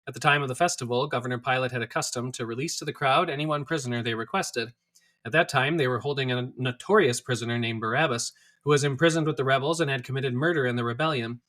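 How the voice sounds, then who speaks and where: A man reading scripture aloud in a steady, clear manner. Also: medium pitch, fast. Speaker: scripture reader.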